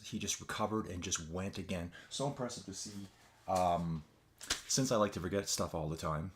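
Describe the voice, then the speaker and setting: A tired man hosting a casual live stream, chatting loosely with viewers and calling them folks. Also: sits low. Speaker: livestream host. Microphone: desk mic with adjustable gain.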